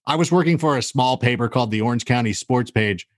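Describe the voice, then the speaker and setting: A man telling stories in casual podcast chat, animated and acting out the voices of the people in them. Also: medium pitch, fast talker, no room sound, studio quality. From California. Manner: animated storyteller, acts out quoted voices. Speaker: guest.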